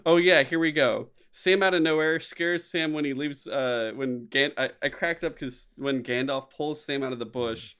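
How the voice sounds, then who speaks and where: A man chatting casually about a film with friends, animated and swearing, often breaking into squeaky impressions. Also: moderate pace, few pauses, smooth.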